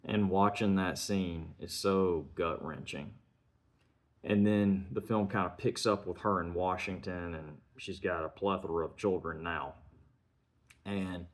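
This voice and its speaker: A man reviewing a film, retelling its scenes in an earnest, measured way and chaining sentences with "and". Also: sits low.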